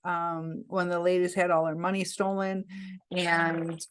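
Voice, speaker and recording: A woman vlogger casually telling a story to camera, chatty and rambling, often pausing and correcting herself. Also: on the low side, flat delivery, clean tone. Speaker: vlogger recounting a scam attempt.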